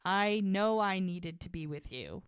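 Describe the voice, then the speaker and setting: A woman's voice: mid-range voice, animated, a little slow, smooth, no room sound. A woman co-hosting a casual podcast, retelling a TV scene and acting out each character's lines as she goes. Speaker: podcast co-host. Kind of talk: casual recap chat.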